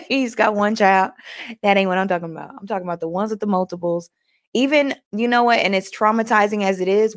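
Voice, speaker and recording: A woman hosting a casual motivational talk, chatting folksily with viewers, laughing often and reading aloud from a book between their comments. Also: mid-range voice. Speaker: host.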